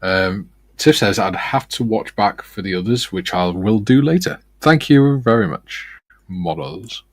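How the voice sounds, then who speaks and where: A man's voice: low-pitched, lively intonation, measured pace, hardly any pauses, no room sound. A man co-hosting a model-building stream, chatting casually and reading out viewer comments, laughing easily.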